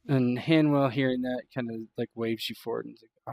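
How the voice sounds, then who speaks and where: A man's voice: mid-range voice, fairly even intonation, moderate pace, creaky, hardly any pauses, darkish tone. A man narrating a tabletop role-playing game as game master, rambling loosely with many fillers.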